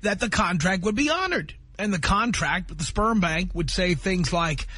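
A man's voice: high-pitched, lively intonation, moderate pace, sharp tone, slightly rough, dry recording. A man hosting a call-in radio show, talking in a blunt, opinionated, lecturing way. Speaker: radio talk show host.

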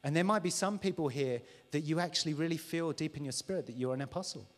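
Preaching a live sermon in a large church hall, a man with a slightly high voice talks quickly, candidly and conversationally. He acts out dialogues in a mocking, overexcited voice, and the live stream carries the hall's reverb.

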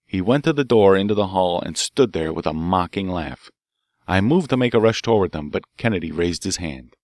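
A man narrating a detective story audiobook in a steady, measured way. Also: sits low, no room sound, clean studio sound. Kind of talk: scripted narration.

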